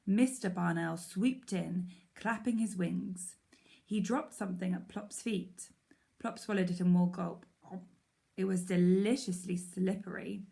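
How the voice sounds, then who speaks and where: A woman teacher reading a children's story aloud in a clear storytelling manner. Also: fairly low pitch, unhurried, warm tone.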